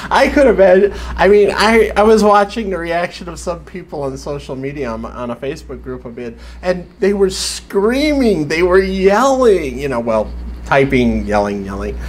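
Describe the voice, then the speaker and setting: A man's voice: on the high side, very animated, moderate pace. A man casually recapping a TV episode in a sarcastic, wry way, swearing now and then.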